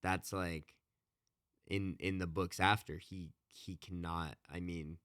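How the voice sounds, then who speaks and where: A man's voice: deep voice, little pitch movement, slow, a bit bright, no room sound, clean studio sound. A man co-hosting a podcast, casually retelling a book's story with lots of fillers and restarts. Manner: rambling, many fillers and restarts. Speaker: podcast co-host. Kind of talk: casual chat retelling a book.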